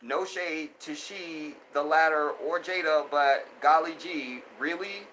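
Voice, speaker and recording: A man with a bright, forceful voice talks off the cuff on his live stream. He is animated, laughs a lot and repeats phrases as he reacts to viewer comments. A faint hum of room noise sits behind him. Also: on the high side, takes it slowly, rough recording. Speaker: host. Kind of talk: casual live-stream commentary reading chat.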